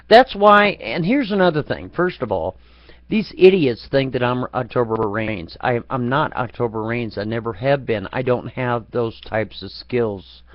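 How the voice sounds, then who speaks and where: A man's voice: mid-range voice, expressive, measured pace, no echo. A man hosting a live chat broadcast, rambling in a profane, taunting and mocking way. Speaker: chat room moderator. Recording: dull lo-fi, dry.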